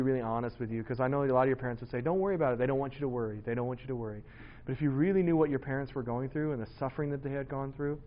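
Animated pastor telling family stories. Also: male voice, medium pitch, highs cut off. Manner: animated storytelling, acts out his kids, laughs often. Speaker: youth pastor. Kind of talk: sermon to teenagers.

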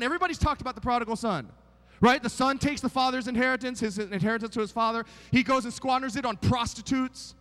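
Male preacher, 40s, fairly high voice; sermon delivery, hushed lows building to near-shouts. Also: big-room sound. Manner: animated storytelling, swings from hushed to near-shouting; keeps asking the crowd "right?". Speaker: pastor.

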